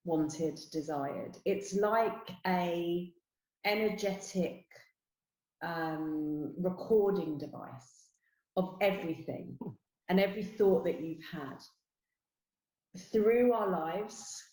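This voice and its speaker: A middle-aged woman with a London accent explains her work in an earnest, steady way, often adding "you know." Her voice sits on the low side. The recording has a roomy echo around it. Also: slow. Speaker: guest, spiritual teacher. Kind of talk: interview explanation.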